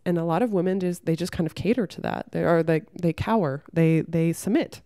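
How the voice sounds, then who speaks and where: A young woman talking frankly to camera, giving relationship advice and telling a story from her own life with lively acted-out quotes and some swearing. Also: lowish voice, fairly quick, few pauses, no echo, studio quality. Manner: frank and blunt, swears freely; lively storyteller who acts out the people she quotes. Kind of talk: casual advice monologue with storytelling.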